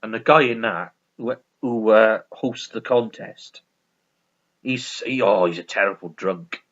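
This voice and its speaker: A man's voice: on the low side, unhurried, fairly bright tone. A man chatting casually as a vlogger, rambling with restarts and chuckling along. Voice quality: rambling, many restarts and laughs. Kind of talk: casual chat about a sitcom. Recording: dull lo-fi recording.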